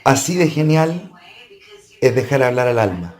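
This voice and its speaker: A man speaking a calm, earnest, reflective voice-over. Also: mid-range voice, normal speed.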